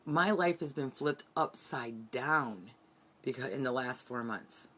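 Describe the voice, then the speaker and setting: A woman's voice: very deep voice, animated, measured pace, fairly bright tone, slight background noise. A woman giving an earnest, heartfelt motivational team training from her bedroom. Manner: earnest, heartfelt, repetitive pep-talk.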